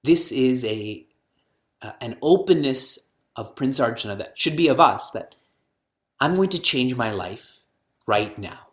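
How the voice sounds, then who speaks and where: Lively man teaching scripture. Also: mid-range voice. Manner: animated, fires rhetorical questions, chants verses slowly. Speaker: spiritual teacher. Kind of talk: scripture lecture to an audience.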